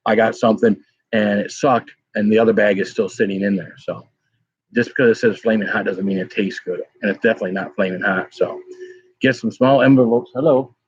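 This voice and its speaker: A man's voice: fairly low pitch, steady tone, fairly quick, slightly rough, no echo. A man hosting a casual pepper-tasting livestream, rambling and greeting viewers in chat by name. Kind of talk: casual live-stream chat. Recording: dull lo-fi sound.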